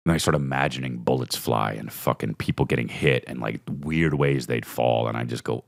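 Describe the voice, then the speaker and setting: A man, hosting a podcast in a rambling, profane, comedic monologue that swings between low mutters and high excited bursts. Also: brisk, gravelly, dry recording, studio quality. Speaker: podcast host.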